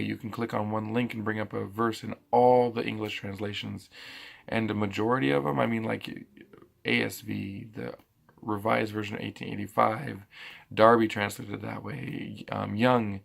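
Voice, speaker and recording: A man with a low, heavily gravelly voice and a husky edge talks through a scripture passage. He thinks aloud, stopping and restarting his sentences as he teaches. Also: a bit bright. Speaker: preacher. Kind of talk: casual bible teaching.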